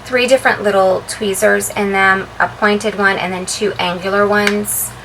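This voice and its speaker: A woman vlogger chatting casually as she shows the contents of her handbag, relaxed and full of ums and uhs. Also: medium pitch, moderate pace, a little hiss or hum, poor audio. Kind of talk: casual show-and-tell vlog.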